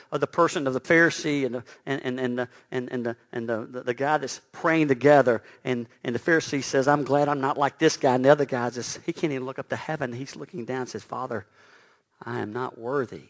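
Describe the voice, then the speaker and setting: A man preaching a sermon who swings from loud emphatic lines to hushed, near-whispered quotes, and stumbles over repeated words when excited. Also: medium pitch, fast talker, hardly any pauses.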